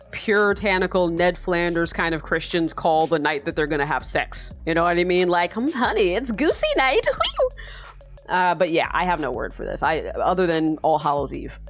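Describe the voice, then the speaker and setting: This is a young American woman reacting to an online quiz in loose, sarcastic commentary. She swears freely and laughs easily. Her voice sits low, but the pitch leaps and dips all over, over a faint bed of music. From United States. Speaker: YouTuber. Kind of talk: casual commentary while taking an online quiz.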